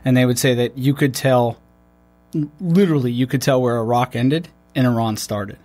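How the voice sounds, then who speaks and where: A man's voice: medium pitch, moderate pace, a little mellow, faint music behind. A man, a military veteran, talking in a loose, rambling way with many restarts and fillers. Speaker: podcast host. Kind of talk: casual conversation.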